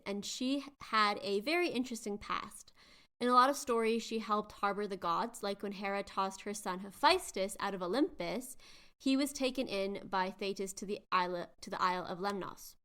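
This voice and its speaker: A woman's voice: medium pitch, fairly bright tone. A woman hosting a podcast, chatting animatedly as she retells myths with quiz-like asides. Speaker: podcast host. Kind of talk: casual chat retelling myths.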